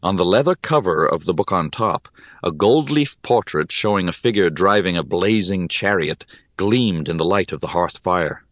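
A man narrating a first-person fantasy audiobook in a calm, measured storytelling manner. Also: deep voice, dry recording, studio quality.

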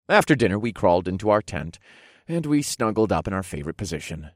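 A man narrating a first-person audiobook story in a slow, deliberate way. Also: deep voice, very animated, dry recording, studio quality.

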